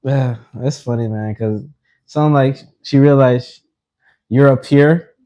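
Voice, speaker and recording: A man's voice: medium pitch, slow pace, dark tone, muffled recording. A man co-hosting a podcast, teasing his friend in casual chat. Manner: teasing, reacts with laughter.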